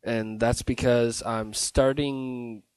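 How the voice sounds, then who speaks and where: Laid-back deadpan young man. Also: medium pitch, slow, smooth, no echo. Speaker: podcast co-host. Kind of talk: casual live podcast chat.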